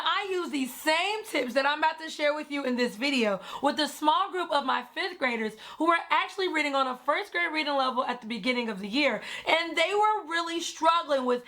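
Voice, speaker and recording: A woman teacher talking directly to parents and teachers in an upbeat, encouraging way, full of exclamations. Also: sits high. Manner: energetic, encouraging, exclaims often. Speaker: teacher and reading coach. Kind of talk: upbeat educational vlog talk.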